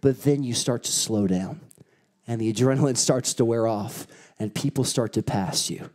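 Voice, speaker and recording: A pastor preaching a sermon with animated storytelling and rousing emphasis. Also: male voice, medium pitch, normal speed. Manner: animated storytelling, acting out quotes.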